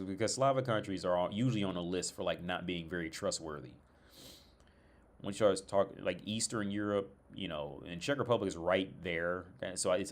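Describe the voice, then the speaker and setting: A young American man tells a rambling, profane story in a casual rant, full of restarts and exasperation. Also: low-pitched. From United States. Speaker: streamer.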